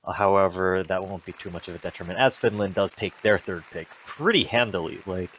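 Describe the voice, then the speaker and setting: A man giving upbeat live play-by-play commentary on an esports tournament, reacting quickly to the action. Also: deep voice, fairly bright tone, a little hiss or hum, low-quality recording. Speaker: esports caster.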